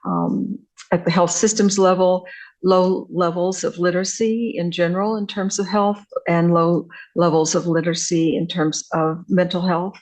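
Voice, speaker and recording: A woman's voice: fairly low pitch, little pitch movement, moderate pace, darkish tone, poor audio. An older woman giving an academic lecture, hesitant, with frequent fillers and restarts. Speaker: visiting scholar lecturer.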